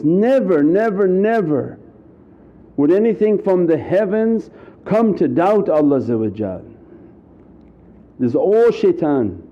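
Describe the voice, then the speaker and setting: A man's voice: sits high, animated, unhurried. A man giving an earnest, repetitive Sufi sermon, sometimes acting out anxious inner voices. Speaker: Sufi preacher. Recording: muffled lo-fi recording.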